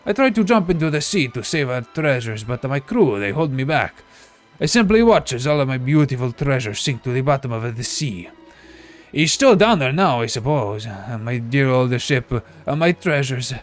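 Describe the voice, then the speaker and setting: A man's voice: mid-range voice, close to an everyday voice. A man voicing an old Italian former sea captain, telling his tale in broken English with a put-on Italian accent.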